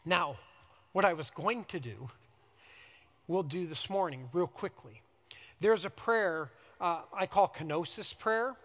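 A man preaching from the pulpit, his voice pitched high and carrying a long reverb through the church hall. He moves between bright, loud emphasis and soft, hushed prayerful passages. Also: expressive, slow. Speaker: pastor. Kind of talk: sermon.

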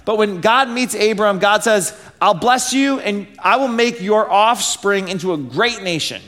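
A man's voice: high-pitched, animated, a little slow, fairly bright tone. A man in his thirties, a pastor giving a conversational sermon full of fillers and rhetorical questions.

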